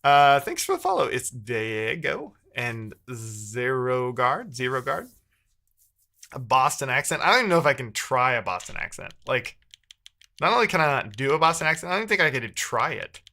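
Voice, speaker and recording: A man's voice: mid-range voice, sing-song, moderate pace, gravelly, bright, forceful tone. A man live-streaming while he codes, chatting casually with viewers and thinking aloud, often second-guessing himself mid-sentence.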